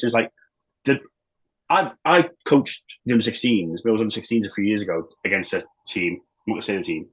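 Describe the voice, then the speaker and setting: A man, a former footballer and manager, chatting as a podcast guest in an animated, rambling way, full of restarts and the odd swear. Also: on the low side, brisk, slightly rough, poor audio. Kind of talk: casual chat.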